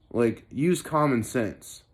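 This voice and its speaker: A young man from Indiana telling a story straight to camera in a rambling, casual way, full of fillers, getting loud and heated when he's angry. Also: medium pitch, drawn-out words. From Indiana, USA. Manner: heated, animated, gets louder when angry; rambling with many fillers like you know. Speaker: vlogger.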